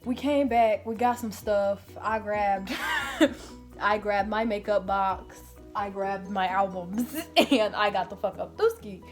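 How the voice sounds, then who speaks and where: A woman vlogger chats through a get-ready-with-me storytime in a casual, cursing, animated way. Her voice sits at an everyday middle pitch. Soft music plays faintly under her talk. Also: slow. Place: grandmother's apartment indoors.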